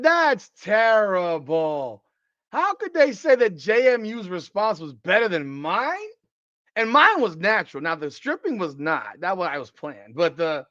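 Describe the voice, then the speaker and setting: A hoarse man hosts a live sports podcast, his voice sitting a little high. He rants and trash-talks like an excitable fan, swearing freely. The sound is dry and dull, like lo-fi stream audio. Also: no room sound. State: hoarse, voice worn out. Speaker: podcast host. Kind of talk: live-stream sports talk reading chat.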